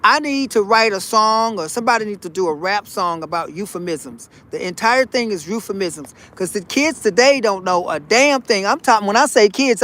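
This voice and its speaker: A man with a notably high voice talks straight to his viewers in a loose, preachy monologue. He is folksy and animated, circles back over his own phrases, and sprinkles in honey and y'all. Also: moderate pace. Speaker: vlogger. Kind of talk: casual spiritual monologue.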